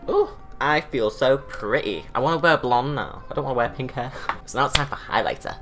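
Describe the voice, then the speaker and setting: A man's voice: mid-range voice, expressive, brisk, music in the background. A young British man and drag artist, chatting casually through a makeup tutorial with camp, self-mocking asides. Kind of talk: chatty get-ready-with-me tutorial.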